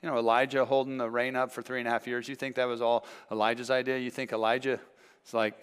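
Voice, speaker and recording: A man's voice: mid-range voice, little pitch movement, quick pace, a bit bright, clear, resonant tone. A man preaching a sermon as pastor, earnest and acting out voices from the stories he tells. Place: church sanctuary. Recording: long church reverb.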